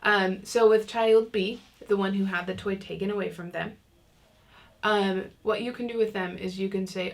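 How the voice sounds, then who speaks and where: A woman's voice: mid-range voice, fairly even intonation, moderate pace. A woman teaching an online parenting class in a chatty, casual way, acting out what parents and kids might say. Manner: chatty, many fillers, acts out kids' lines.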